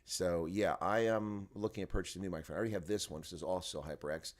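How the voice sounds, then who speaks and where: Low-pitched, steady, and fast-talking, a man hosts an early-morning rugby live stream from home. Tired and groggy at his desk microphone, turned up in volume, he rambles to his chat viewers.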